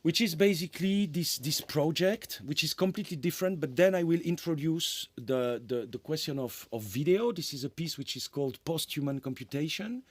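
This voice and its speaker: A man giving a conference lecture as a composer, talking in an animated way, often tagging sentences with "eh?" and restarting phrases. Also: a little high, normal speed, few pauses, no room sound. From France. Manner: animated, tag questions "eh?", frequent restarts.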